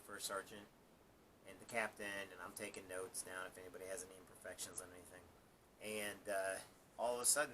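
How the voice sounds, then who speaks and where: Male live-stream host, ex-Marine sergeant, rambling and laughing, somewhat low pitch. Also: pushed and bright, a little hiss or hum. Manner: rambling, laughs at his own story, repeats words. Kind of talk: casual storytelling on a live stream.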